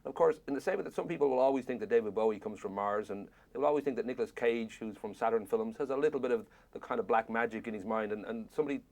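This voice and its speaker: A man's voice: medium pitch, rapid-fire, gravelly, few pauses, darkish tone. An Irish man interviewing an actor, asking long rambling questions with jokes. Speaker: film interviewer.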